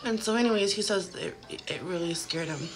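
A woman's voice: on the low side, fairly quick, music in the background. A woman in her thirties telling a haunting story to a phone camera at home, casual and chatty, full of "like" fillers. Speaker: vlogger.

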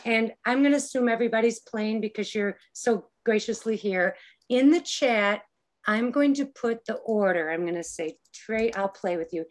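A woman's voice: fairly high pitch, moderate pace. A woman leading an online improv class over a video call, explaining game rules patiently and encouragingly. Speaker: improv workshop leader.

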